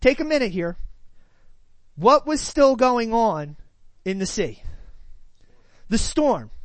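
A woman's voice: high-pitched, no echo. A woman preaching, who retells a scripture passage and then teaches it in a conversational way, full of rhetorical questions and "right?" tags.

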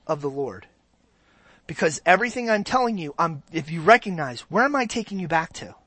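A preacher giving a sermon in an animated, conversational way, often repeating phrases for emphasis. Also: mid-range voice, no room sound.

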